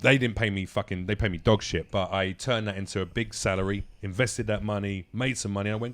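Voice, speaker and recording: A man who is a comedian guesting on a podcast, telling stories in animated casual chat and swearing freely. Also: on the low side, fast, few pauses.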